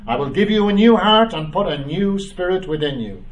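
A man preaching a Bible study, reading scripture aloud and commenting, with frequent "uh" and "um" pauses. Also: high-pitched, expressive, far from the mic, rough recording. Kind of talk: bible teaching.

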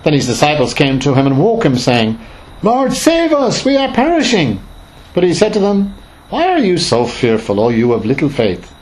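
A man's voice: mid-range voice, sing-song, brisk, a little mellow, poor audio. A man leading an informal Bible study, reading scripture aloud and explaining it in a conversational, emphatic way with many fillers and restarts.

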